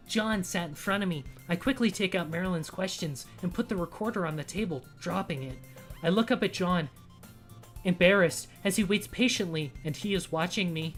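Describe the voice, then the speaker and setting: A co-host reading fanfiction aloud in a casual comedic way, laughing often and swearing between lines. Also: mid-range voice. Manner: laughs often, swears, reads with mock drama.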